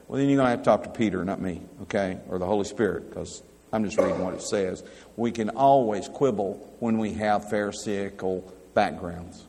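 A man's voice: lowish voice, a little fast, darkish tone, a little hiss or hum. A middle-aged man preaching a sermon in a conversational teaching way, reading verses aloud and putting questions to the listeners. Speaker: pastor. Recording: long hall reverb.

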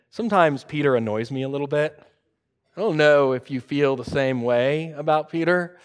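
Man preaching with a higher voice. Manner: expository preaching, varies pace for emphasis. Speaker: pastor. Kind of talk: sermon.

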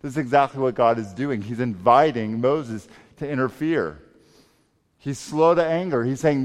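A man preaching a sermon as pastor, emphatic and swinging between loud and soft delivery. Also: medium pitch, moderate pace. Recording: long reverb of a large hall.

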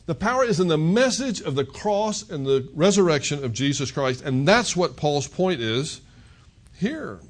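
A pastor delivers a conversational sermon. His voice sits high and moves through a lively, animated range. He presses his points with emphatic rhetorical questions. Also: normal speed. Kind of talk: expository sermon.

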